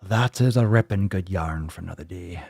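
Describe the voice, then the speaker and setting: A man's voice: deep voice, normal speed, creaky, darkish tone, husky, no echo, clean studio sound, full character voice. A man putting on an old pirate spinning a yarn. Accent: put-on Irish pirate. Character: old male pirate storyteller in a pub.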